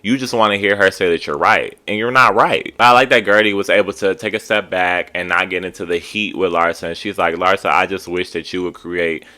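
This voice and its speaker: A man with a deep, low-pitched voice and a sharp, forceful edge to his tone. He gives a casual, opinionated recap of a show, chatty and full of "like" fillers. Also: a little fast, hardly any pauses. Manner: chatty, opinionated, heavy use of "like". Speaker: TV recap host.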